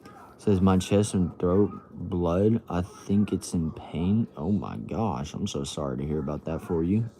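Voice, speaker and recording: Deep, mellow-voiced young man streaming. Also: measured pace. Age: young adult. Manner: laid-back, drawling, says bro and y'all. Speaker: livestream host. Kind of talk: casual livestream chat reading comments. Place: at home indoors. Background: faint TV sound from another room.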